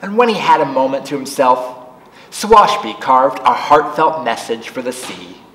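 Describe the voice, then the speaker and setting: Slow, lively man reading aloud to kids. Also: medium pitch, slight background noise. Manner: slow, animated read-aloud voice for children. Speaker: children's librarian reading aloud. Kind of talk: storytime read-aloud. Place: library room. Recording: echoey room, distant mic.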